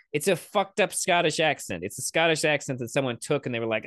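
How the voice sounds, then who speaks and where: A man riffing through a casual reaction commentary, cursing freely and drifting off into sarcastic tangents. His voice sits on the high side, and the sound is dry and close with no room around it. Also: lively intonation, fast, hardly any pauses, a bit bright, no echo. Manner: profane, rambling, sarcastic asides. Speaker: commentary host.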